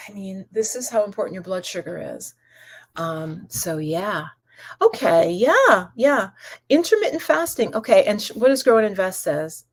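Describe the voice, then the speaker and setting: Affectionate, rambling woman wellness host. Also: medium pitch. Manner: affectionate, calls viewers goddess and my love; rambling, with many restarts and asides. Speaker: holistic wellness channel host. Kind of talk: casual live-stream chat, answering viewer comments.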